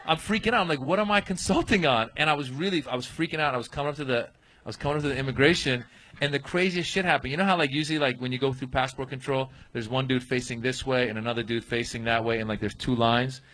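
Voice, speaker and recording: A man telling an animated story as a guest comedian on a comedy podcast. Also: medium pitch, fast talker, poor audio. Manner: animated storyteller, acts out voices.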